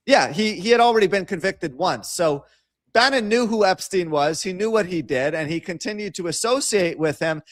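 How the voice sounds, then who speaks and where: A man's voice: sits high, animated, moderate pace, no echo. A man with a Brooklyn accent, co-hosting a casual political talk show, giving long, confident, opinionated explanations. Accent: New York, Brooklyn. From North Brooklyn, New York City. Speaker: co-host and producer.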